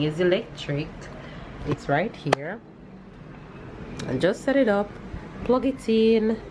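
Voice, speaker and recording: A young adult woman with a Jamaican accent, chatting casually to camera in a vlog, animated, with loud bursts of cheering. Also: on the low side, slow pace, background noise. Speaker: vlogger.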